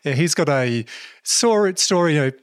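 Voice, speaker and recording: A man's voice: fairly high pitch, expressive, moderate pace, clear, resonant tone, no echo, studio quality. A man hosting a podcast interview, asking questions in a casual, prompting way. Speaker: podcast host.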